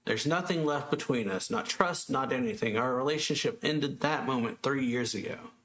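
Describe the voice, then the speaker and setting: A man reading out the lines of a cold, vengeful teenage boy from a manga, in a flat, slightly raised voice. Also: moderate pace, natural voice. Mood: cold, pressing. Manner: reads quoted dialogue flatly, slightly higher than his narration. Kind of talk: reading manga dialogue aloud.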